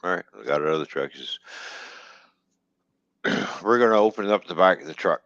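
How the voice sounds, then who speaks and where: A man's voice: deep voice, animated, brisk, a bit bright, no echo, lo-fi sound. A man casually telling a story from his trucking work, quoting the people in it, swearing freely and laughing as he goes.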